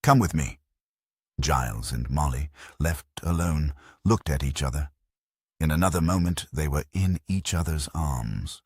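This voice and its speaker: Very deep husky male audiobook narrator. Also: unhurried, a little mellow, dry recording, studio quality.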